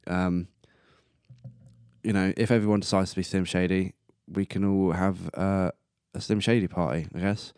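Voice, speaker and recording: A young man in his twenties talks on his own podcast with a very low, deep voice, close to the mic in a dry, dead room. He rambles casually and laughs at his own jokes. Now and then he coughs or burps. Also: fairly even intonation, moderate pace, a little mellow, clean tone, no room sound. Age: 20s. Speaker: podcast host. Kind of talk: casual solo podcast monologue.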